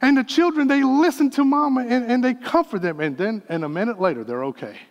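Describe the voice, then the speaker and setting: A man's voice: very high-pitched, animated, a little fast, in a large hall, dull audio. A man in his fifties preaching a sermon as pastor, earnest with folksy asides. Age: 50s.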